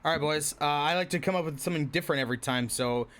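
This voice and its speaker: A man co-hosting a casual podcast, bantering in a relaxed, joking way. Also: on the high side, rapid-fire. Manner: joking, laid-back banter. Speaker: podcast co-host.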